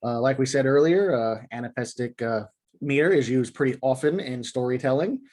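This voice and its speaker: A man hosting a video lesson on poetic meter, explaining in a relaxed, casual way with many fillers. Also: mid-range voice. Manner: reads poem lines slowly and rhythmically. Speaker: poetry teacher and video host.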